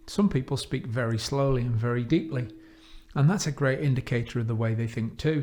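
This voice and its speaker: A man giving an instructional talk on coaching, measured and deliberate, slowing down to stress key phrases. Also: mid-range voice, darkish tone. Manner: measured, with emphatic slowed phrases. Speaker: coaching trainer.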